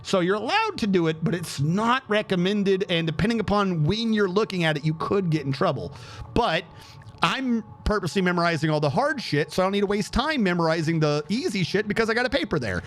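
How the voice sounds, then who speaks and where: A young man with a notably high-pitched voice tells a story casually while he streams. He is animated and profane, and he acts out each exchange he describes. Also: fairly quick.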